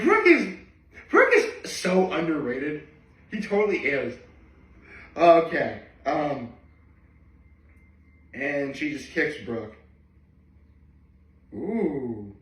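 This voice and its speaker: A man casually reading through a manga chapter and reacting as he goes, chatty and excitable. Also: a little high, echoey room, recorded from a distance, rough recording. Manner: chatty, excitable, reads lines in quick voices.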